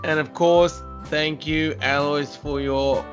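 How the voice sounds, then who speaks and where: A man's voice: a little high, steady tone, slow, soft background music. A man hosting a podcast in casual chat, reading out fun facts and teasing his co-host with a giggle. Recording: dull lo-fi sound.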